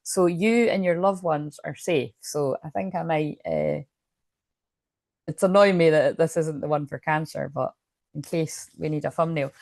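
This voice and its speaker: A woman's voice: low-pitched, a little slow, creaky, a little mellow, dry recording, studio quality. A woman with a Scottish accent giving a rambling, chatty tarot reading to her viewers from her room at home, swearing freely as she talks. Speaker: tarot card reader.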